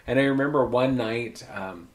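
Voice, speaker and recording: A man's voice: medium pitch, moderate pace. A man from Oregon who hosts a podcast and performs drag, telling joking stories in casual chat. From Oregon, USA. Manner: chatty, joking storyteller.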